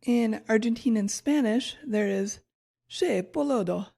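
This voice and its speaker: A woman's voice: fairly high pitch, measured pace, vocal fry, mellow. A woman co-hosting a podcast, reading her research notes in casual chat and laughing at her own stumbles. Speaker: podcast co-host.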